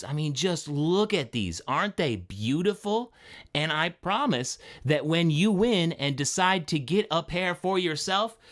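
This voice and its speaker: Upbeat man hosting a live stream. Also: on the high side. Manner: energetic, greets chat viewers by name.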